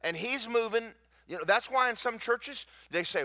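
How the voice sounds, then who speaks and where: A man preaching a sermon to his congregation, with folksy asides to the crowd and rising to near shouts at his peaks. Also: very high voice, animated, normal speed. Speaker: pastor. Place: church sanctuary.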